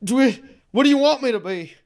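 A man's voice: very high voice, lively intonation, measured pace, voice pushed up, heavily acted. A man voicing a panicked hostage strapped with explosives, in a frantic, pleading tone.

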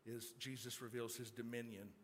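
A middle-aged male pastor delivering a sermon, moving from calm storytelling to loud, excited preaching. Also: medium pitch, normal speed, a little hiss or hum.

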